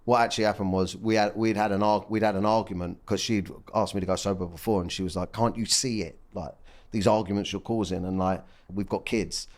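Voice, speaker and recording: A man's voice: fairly low pitch, steady tone, fairly quick, hardly any pauses, darkish tone. A man in his thirties, a podcast guest talking candidly and emotionally, swearing freely in casual chat.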